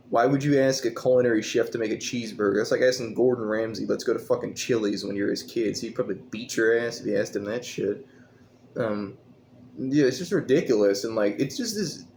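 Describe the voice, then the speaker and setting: A man's voice: medium pitch, creaky, darkish tone, a little hiss or hum. A man reviewing a movie in a casual, profane, scornful rant full of rambling asides.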